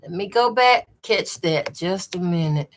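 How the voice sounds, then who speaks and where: A woman's voice: fairly low pitch, expressive, measured pace, a little hiss or hum. A woman with a Southern accent hosting a live sewing stream, greeting viewers by name and reading their comments aloud. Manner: says y'all a lot. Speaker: quilting channel host.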